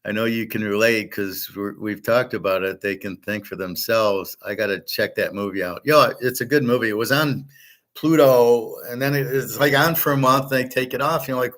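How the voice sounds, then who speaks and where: A man's voice: medium pitch, normal speed, fairly bright tone. A middle-aged man hosting a show, talking in a blunt, rambling, casual way and swearing now and then. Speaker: show host.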